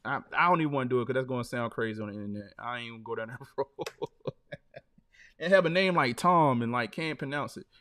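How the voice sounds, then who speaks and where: With a medium-pitched, sharp-toned voice, a man hosting a live stream talks fast. He rambles through stories in casual chat, filling the gaps with "man" and "like."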